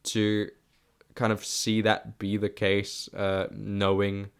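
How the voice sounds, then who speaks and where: A man's voice: fairly low pitch, completely flat delivery, takes it slowly, vocal fry, smooth. A South African man hosting his own podcast, giving a rambling, chatty solo movie review and often restarting his sentences. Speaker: podcast host.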